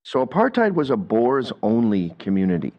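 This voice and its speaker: A man hosting a reaction commentary, talking in an animated, mocking, opinionated way. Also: mid-range voice, normal speed, dull audio. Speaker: commentator host.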